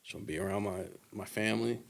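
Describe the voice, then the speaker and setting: A man's voice: on the low side, steady tone, fast talker, gravelly. A young man and army veteran, a podcast guest, telling stories casually and laughing often. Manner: laid-back, laughs often, swears freely. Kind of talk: casual storytelling.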